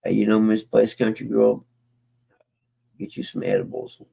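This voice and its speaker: A man with a low, heavily gravelly voice talks casually to his stream viewers. He rambles in a folksy way, trailing off and restarting. His tone is dark, mellow and husky. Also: level tone, moderate pace, poor audio. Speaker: livestream host.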